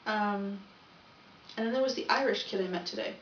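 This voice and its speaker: A woman's voice: medium pitch, moderate pace, recorded from a distance, soft background music. Young woman, rambling video diary, roomy echo, dull off-mic sound. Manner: chatty, rambling, self-correcting. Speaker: vlogger.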